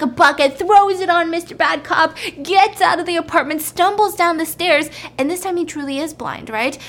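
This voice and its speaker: High-voiced woman animatedly retelling a film. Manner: animated, chatty, checking in with listener. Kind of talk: casual retelling of a film plot.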